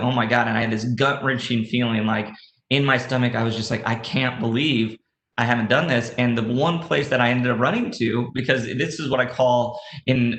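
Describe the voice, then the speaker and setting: A man's voice: mid-range voice, a bit bright. A man giving a conversational keynote talk, telling a personal story with many fillers and restarts. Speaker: conference speaker. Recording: roomy echo.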